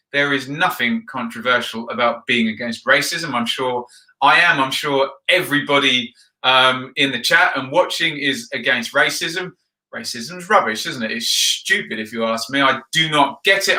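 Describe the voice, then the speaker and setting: A man's voice: medium pitch, pushed and bright. A man hosting a football video, chatting casually and rambling with frequent ums while he reads out viewer comments. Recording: roomy echo.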